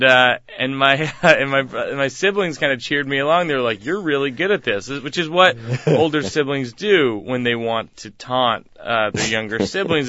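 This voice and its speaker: Comedian guest, male, from Massachusetts; easygoing, meandering storyteller with a crisp bright voice on a dry studio mic. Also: mid-range voice, no echo, lo-fi sound. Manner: laid-back rambling delivery with frequent chuckles. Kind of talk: casual interview storytelling.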